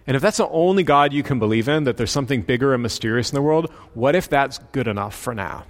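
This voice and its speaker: A man voicing a calm pastor who speaks in a measured, inviting way. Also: medium pitch, in a large hall, lightly acted. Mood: gentle.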